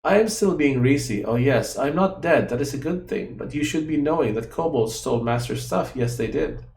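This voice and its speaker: A man playing a small, fretful female guardian in a game, childlike and eager to please. She speaks of herself in the third person in broken grammar, with a gravelly edge in an echoey room. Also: mid-range voice, animated, normal speed, a little mellow, slight background noise.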